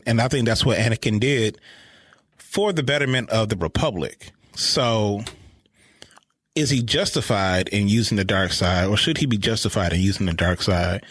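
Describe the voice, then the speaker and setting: A man co-hosting a podcast in casual chat, animated as he recaps scenes and laughs often. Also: on the low side, moderate pace, no echo. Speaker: podcast co-host.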